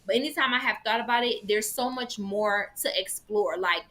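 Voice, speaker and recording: A woman co-hosting a casual vegan talk show, telling stories in an animated way and slipping into playful voices now and then. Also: mid-range voice, normal speed. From Jamaican heritage. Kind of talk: casual chat.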